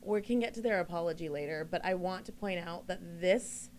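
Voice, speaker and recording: A woman's voice: lowish voice, brisk, darkish tone, a little hiss or hum. A woman co-hosting a casual talk show, playful and enthusiastic in banter. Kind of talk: casual chat.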